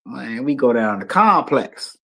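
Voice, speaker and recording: A man's voice: medium pitch, unhurried, gravelly. A middle-aged man with a Washington D.C. accent, telling stories as a guest in a casual, slang-heavy interview and acting out the voices he quotes. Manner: animated, acts out quoted voices, loose slang-heavy talk. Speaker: guest musician.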